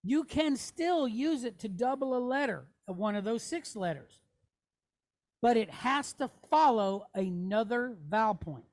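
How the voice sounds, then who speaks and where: A woman teaches a classroom lesson at an unhurried, deliberate pace. She is patient, sounding words out and pausing to check in with her students before moving on. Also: on the high side, expressive, darkish tone. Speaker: Hebrew teacher.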